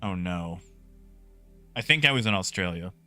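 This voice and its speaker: A man streaming a space game live, talking to his chat in an excitable way and often repeating himself. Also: sits low, moderate pace, no echo, soft background music. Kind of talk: live gameplay commentary.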